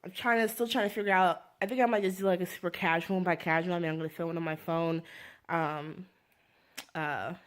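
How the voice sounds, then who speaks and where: Gushing, excitable woman vlogger. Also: a little fast. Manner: gushing, excitable, rambling, swings from giddy highs to near-tearful. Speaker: book vlogger. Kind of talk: casual fan vlog chat. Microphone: phone.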